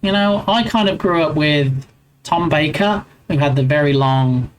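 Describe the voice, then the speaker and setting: English man, 40s, relaxed live-stream host, playful banter with viewers, light background noise. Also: fairly high pitch, unhurried, rough recording. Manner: chatty, reads out and answers chat with playful banter. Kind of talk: casual chat with viewers.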